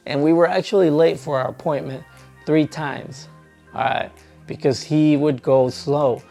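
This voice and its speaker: Gravelly man telling a trucking story. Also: a little high, measured pace, faint music behind. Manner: animated, acts out both sides of an argument. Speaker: truck driver trainer. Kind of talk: casual storytelling vlog.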